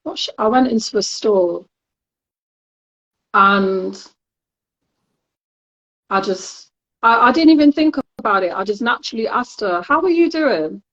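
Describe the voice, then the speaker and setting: Speaking unhurriedly and pausing often, this Nottingham woman chats through stories as a podcast co-host, laughing frequently in her local accent. Her medium-pitched voice is a bit bright, though the audio is dull.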